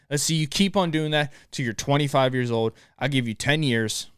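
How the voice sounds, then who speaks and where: A man's voice: mid-range voice, fairly quick, few pauses, a bit bright, smooth, no echo. A young man hosting a solo podcast from home, giving a profane, pumped-up motivational rant. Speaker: podcast host. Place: home room, dog barking nearby.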